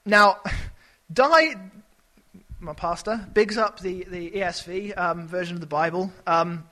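A man preaching a sermon in a chatty, animated way, with quick asides and playful voices. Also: high-pitched, rough recording. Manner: conversational and animated, with sudden shouted character voices.

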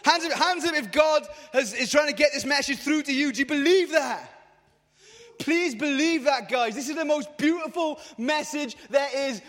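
Brief: man in his thirties, youth preacher, strikingly high voice, passionate and chatty, long hall reverb. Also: a bit bright. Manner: passionate and colloquial, addressing the crowd. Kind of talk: lively youth sermon. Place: large hall at a youth event.

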